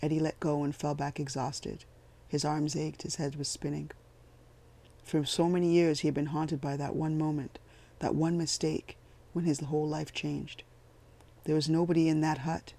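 A man narrates a story in a measured, even way. His voice is gravelly and sits a little high, with a notably flat pitch. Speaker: audiobook narrator. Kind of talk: scripted narration.

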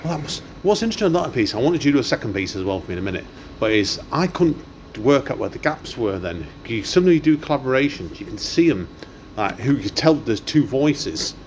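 A man's voice: medium pitch, big pitch swings, fast talker, a little mellow, slight background noise. A man hosting, chatting casually and praising a performer. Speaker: host. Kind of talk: casual chat.

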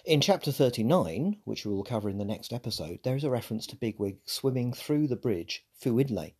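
Man, podcast host, scripted narration, measured and articulate, mellow tone, slightly husky. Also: medium pitch, lively intonation. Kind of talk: scripted book analysis narration.

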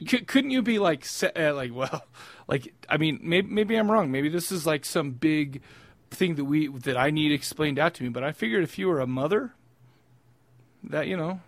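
A man's voice: fairly high pitch, expressive, normal speed, no echo. A young adult man co-hosting a podcast, rambling through crude casual banter and laughing often. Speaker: podcast co-host. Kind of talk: casual chat.

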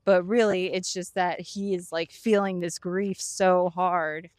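A woman's voice: fairly low pitch, steady tone, unhurried, a little mellow, no room sound, studio quality. A young woman co-hosting a podcast, rambling with many "like" fillers and breaking into giggles. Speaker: podcast co-host. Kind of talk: casual chat.

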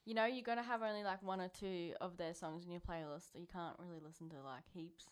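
A woman co-hosts a casual music chat with a smooth, clear voice. She giggles easily and shares facts from her notes in an easygoing way. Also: fairly low pitch, fairly even intonation, a little fast. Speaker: podcast co-host.

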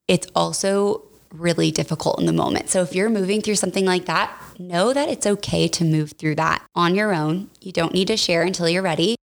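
A young woman with a lowish, gravelly voice hosts a casual personal podcast. She talks candidly and chattily, leaning heavily on "like" and "y'all."

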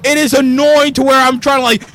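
A man co-hosting a casual podcast, talking in an excitable, joking way. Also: very high voice, a little fast. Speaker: co-host.

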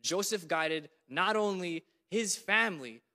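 Animated high-voiced preacher in a hall. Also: male voice, measured pace. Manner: animated, voices God in dramatic quotes. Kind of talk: sermon. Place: church.

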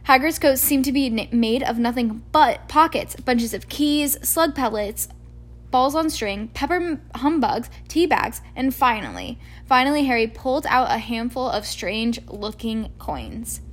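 Woman reader, higher voice, steady storybook narration. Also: measured pace. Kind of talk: amateur audiobook reading.

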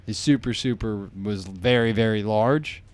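A man's voice: fairly low pitch, unhurried. A young adult man, a comedy podcast co-host, telling a rambling story in casual chat and acting out the lines of the people in it. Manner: rambling, laughing, acts out quoted lines.

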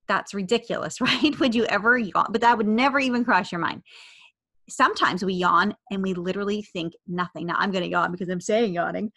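A woman in her thirties hosts a podcast and talks listeners through new habits in a casual coaching monologue. She repeats her main points and slips into quick imitations of her listeners' thoughts. Her voice sits at a middle pitch. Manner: warm coaching tone, repeats key phrases, acts out inner voices.

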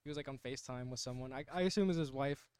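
Fast-talking young man, casual chat. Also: mid-range voice, a little mellow, clear, resonant tone. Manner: fast, rambling storyteller full of fillers. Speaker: friend back from a trip.

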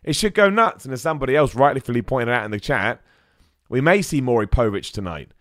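A man's voice: mid-range voice, fairly quick, no echo, clean studio sound. Chatty man hosting a podcast. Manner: chatty, animated, reads out viewer messages. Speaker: podcast host. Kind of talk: live-streamed wrestling podcast chat.

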